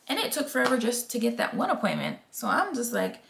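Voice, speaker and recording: Candid, gravelly-voiced woman vlogger. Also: fairly high pitch, sing-song, fast, few pauses. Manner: candid and emphatic, acts out quoted voices. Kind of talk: casual storytelling to camera.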